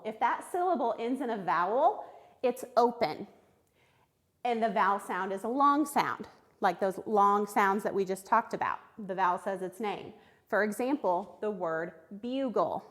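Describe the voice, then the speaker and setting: A woman teaching a recorded phonics lesson to young children, sounding out words clearly and praising answers. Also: mid-range voice. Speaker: third grade reading teacher.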